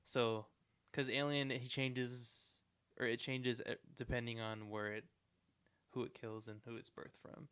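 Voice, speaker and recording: Rambling young man with a smooth voice. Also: mid-range voice, flat delivery, measured pace, fairly bright tone. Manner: rambling, lots of "like" fillers. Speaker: co-host. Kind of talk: casual chat.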